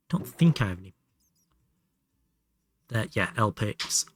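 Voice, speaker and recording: A man's voice: on the low side, huge pitch swings, slow, vocal fry, long pauses, breathy edge, no echo. Dry-miked Hull-accented young man streaming. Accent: Hull Yorkshire English. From Hull, England. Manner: chatty, swearing, laughing asides. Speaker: livestream gamer. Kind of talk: casual live game commentary.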